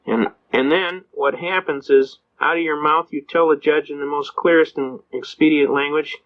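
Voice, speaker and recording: A man with a fairly high voice lectures on constitutional law through folksy courtroom anecdotes. He acts out the quotes with plenty of animation and laughs often. The recording is muffled and lo-fi. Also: fairly even intonation, moderate pace, few pauses. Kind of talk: storytelling lecture.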